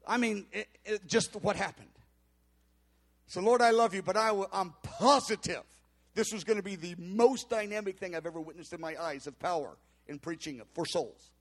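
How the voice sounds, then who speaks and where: A middle-aged man, a pastor telling a story in a sermon, acting out voices with sudden shouts and quiet mutters. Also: high-pitched, moderate pace.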